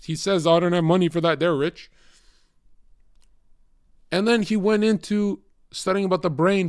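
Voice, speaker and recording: A man ranting on a livestream, profane and combative, swinging between loud outbursts and low muttering. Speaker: streamer. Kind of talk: casual livestream rant.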